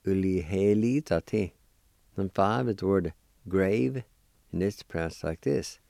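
A man teaching a language lesson, spelling words letter by letter and repeating each pronunciation slowly. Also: deep voice, gravelly, a little mellow, no echo, clean studio sound.

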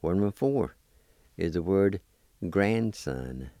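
Slow, deep-voiced man teaching words. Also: expressive, mellow, dry recording, studio quality. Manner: patient, spells letter by letter and repeats words slowly. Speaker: language teacher. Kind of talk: slow spelling and pronunciation lesson.

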